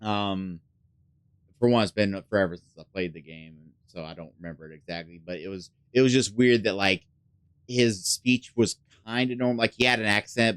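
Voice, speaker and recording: Low, smooth-voiced man rambling through a game. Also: steady tone, normal speed, fairly bright tone, dry recording. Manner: rambling, filler-heavy, casual swearing; drops to a mutter when thinking aloud. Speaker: gaming channel host. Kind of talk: casual let's play commentary.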